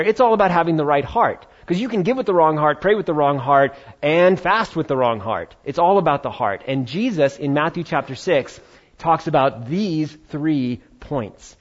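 A man preaching a sermon as pastor, talking in a conversational, animated way with playful asides. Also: a little high, moderate pace. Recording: dull lo-fi sound.

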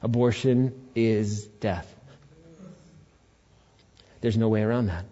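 A man's voice: on the low side, slow pace, dark tone. A male pastor giving a conversational sermon to his church, with joking asides to the congregation. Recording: dull lo-fi recording.

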